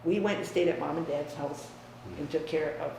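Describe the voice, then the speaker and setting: An older woman from the US Midwest, reminiscing about her family in a frank, emphatic way that often drops quiet. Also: low-pitched, normal speed, gravelly. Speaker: interviewee. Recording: echoey room, distant mic, faint hiss.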